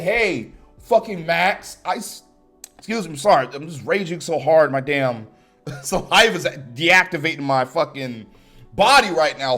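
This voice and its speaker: A man's voice: a little high, a bit bright. A young man reviewing a wrestling show in a heated, profane rant, laughing and swearing.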